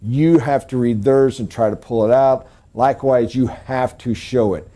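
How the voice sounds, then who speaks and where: A middle-aged man giving a live sales training lecture, emphatic and animated, jumping up in pitch to stress points. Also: normal speed.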